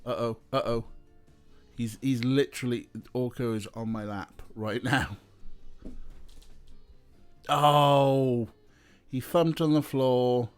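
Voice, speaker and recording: A man's voice: mid-range voice, normal speed, hardly any pauses, darkish tone, clean tone, faint music behind. A young man streaming, chatting casually and talking to his cats as he plays. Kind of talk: casual live-stream chat.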